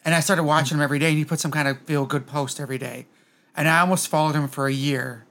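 Fast-talking earnest man. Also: a little high, fairly even intonation, a bit bright. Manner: rambling, earnest, emotional. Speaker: podcast co-host. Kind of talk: casual chat.

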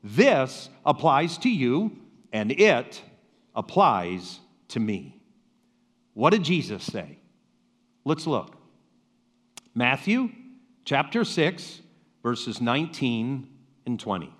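Slow, emphatic preaching man in a reverberant hall. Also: mid-range voice, big pitch swings. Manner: preaching with slow emphatic pauses and rhetorical questions. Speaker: pastor. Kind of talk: sermon.

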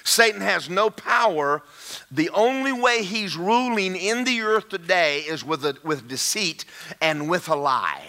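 A man's voice: high-pitched, measured pace. A man preaching a sermon, emphatic and calling out to the congregation. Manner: animated, emphatic, calls out to the congregation. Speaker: pastor.

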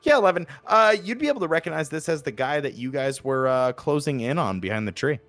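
A man's voice: on the high side, expressive, quick pace, fairly bright tone, dry recording, soft background music. A man with a New Jersey accent running a tabletop game as game master, chatty and laughing, with lots of fillers.

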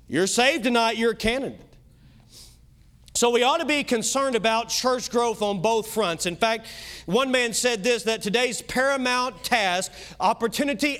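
High-voiced preacher with Kentucky accent. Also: male voice. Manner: emphatic preaching, swinging loud and soft, quick asides. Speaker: pastor. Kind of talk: sermon.

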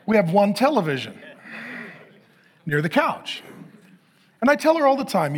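High-pitched middle-aged guy preaching a sermon, jokey and candid about himself. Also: big pitch swings, moderate pace, breathy edge. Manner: candid, self-mocking storytelling with laughs. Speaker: pastor.

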